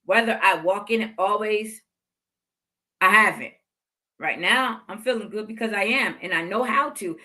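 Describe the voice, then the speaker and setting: A woman in her fifties hosts a podcast, her mid-range voice sharp in tone and moderately paced. She gives heartfelt, motivational faith talk and repeats phrases for emphasis.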